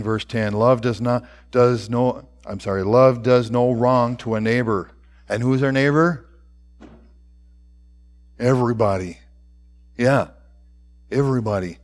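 A man preaching a sermon, reading scripture aloud with slow, deliberate phrasing that trails off softly at the ends. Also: mid-range voice.

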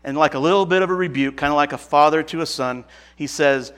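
Speaking quickly in a fairly high, bright voice, a man from Nebraska preaches an informal sermon. He recounts a Bible story in a laid-back, folksy style, chuckling, self-correcting and restarting often.

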